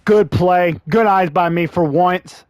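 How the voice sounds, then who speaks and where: A man narrates his own football video game in a fairly high voice, audibly frustrated and sighing between plays. His voice is wearing thin from long talking. The recording is close and dry. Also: slow pace, a little mellow, dry recording. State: losing his voice. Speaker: gaming channel host. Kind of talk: live gameplay commentary.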